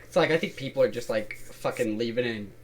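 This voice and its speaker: A man's voice: mid-range voice, a little fast, heavy background noise. A man co-hosting a podcast in casual chat, joking and swearing a lot. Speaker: podcast co-host.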